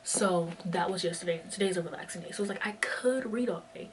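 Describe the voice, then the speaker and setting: A woman's voice: on the low side, fast talker, a little hiss or hum. A young woman in her twenties vlogging while walking, chatting in a rambling way full of fillers, a bit out of breath. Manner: rambling, filler-heavy, lots of "like". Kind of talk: casual chat. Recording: distant mic with faint ambience.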